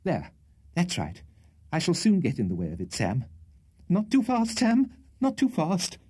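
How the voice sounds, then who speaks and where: A man reading an audiobook, voicing a timid, flustered gentleman who talks in hasty, gasping, over-polite bursts. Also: sits high, huge pitch swings, a little slow, breathy edge, voice pushed up, heavily acted. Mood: anxious, fussy. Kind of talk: storybook character voice.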